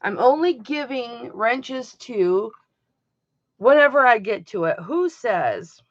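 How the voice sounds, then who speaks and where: A middle-aged woman hosting a live-stream jewelry auction, chatting casually and emphatically with her viewers, her voice swinging between loud and soft. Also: fairly high pitch, expressive, slow pace, dry recording. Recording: dull lo-fi home stream audio.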